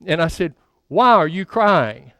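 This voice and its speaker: A man in his sixties preaches in a folksy, self-mocking manner, often stammering and restarting his sentences. His voice sits high and sounds smooth and resonant. The sound is dry and close. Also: sing-song, a little slow, fairly bright tone, no room sound. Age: 60s. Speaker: pastor. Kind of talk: storytelling sermon.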